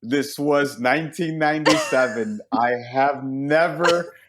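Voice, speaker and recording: A man's voice: fairly high pitch, measured pace, slight background noise. A man in his thirties from Colombia, a comedian guest telling funny stories in casual chat and acting out the people in them. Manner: animated, acts out quoted voices.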